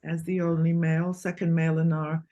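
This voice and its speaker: A woman's voice: low voice, flat delivery, brisk, warm tone, lo-fi sound. Polite woman host moderating a call. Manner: polite, hedging requests. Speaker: show host.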